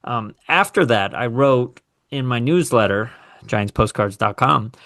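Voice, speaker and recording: A man hosting a casual sports talk show, animated and opinionated, with sarcastic asides. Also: medium pitch, unhurried. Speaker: podcast host.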